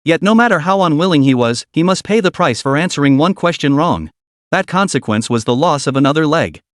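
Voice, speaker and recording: A man's voice: fairly high pitch, animated, a little fast, no echo. Guy narrating a comic recap, dramatic, voice swinging all over, dry close sound. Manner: dramatic storytelling. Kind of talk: scripted story recap narration.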